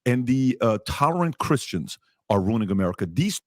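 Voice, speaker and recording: Heard in a clip played from a podcast, with a dry recording and studio quality, a male host at medium pitch speaks at a moderate pace and is very animated. His storytelling rant keeps returning to emphatic points, and he acts out the people he quotes.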